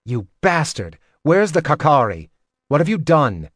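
A man's voice: high voice, wildly swooping pitch, normal speed, fairly bright tone, dry recording, studio quality, voice pushed up, full character voice. A man voicing a tense young male assassin who speaks in a raised, urgent, demanding way. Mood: angry, urgent.

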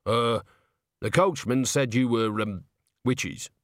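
A man's voice: mid-range voice, takes it slowly, no room sound, studio quality, lightly acted. A man voicing a worried, hesitant tavern keeper who stumbles over his words. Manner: hesitant, with ums.

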